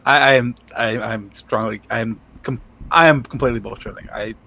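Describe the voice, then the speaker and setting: A man's voice: medium pitch, steady tone, fairly quick, gravelly, bright, forceful tone. A man co-hosting a podcast, adding dry, joking asides in casual chat. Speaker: podcast co-host.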